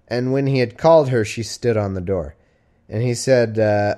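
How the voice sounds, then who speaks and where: A comedy podcast host reads archaic Bible verses aloud, then drops into casual, sarcastic, irreverent riffs. His voice is medium-pitched and warm, moving at a normal speed.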